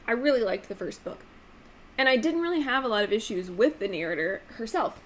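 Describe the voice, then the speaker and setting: A woman with a fairly high voice chats through a casual book vlog. She is emphatic and peppers her talk with "like", now and then jumping up in pitch to mimic a voice. A faint hiss sits behind her. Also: lively intonation, fairly quick. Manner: chatty, emphatic, frequent "like" fillers; demonstrates voices with sudden pitch jumps. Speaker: book channel host.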